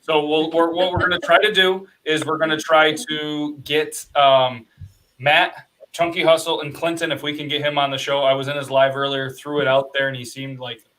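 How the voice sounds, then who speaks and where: A man hosting a casual podcast from his home studio, joking with quick asides as he reads out viewer comments. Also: a little high, level tone, a bit bright, slight background noise, poor audio. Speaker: podcast host. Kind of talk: casual chat.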